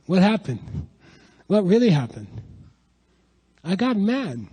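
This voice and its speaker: Man, spiritual teacher, storytelling, high lively voice, mellow, husky. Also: takes it slowly, pauses often, rough recording. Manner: animated, rhetorical questions, storytelling. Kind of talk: lively dharma talk to an audience.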